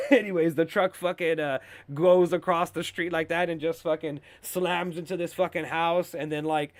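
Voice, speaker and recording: A man's voice: fairly high pitch, moderate pace, no echo. Profane, rambling young man recapping a show. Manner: rambling, filler-heavy, animated. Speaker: show host reviewing TV episodes. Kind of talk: casual recap with heavy swearing.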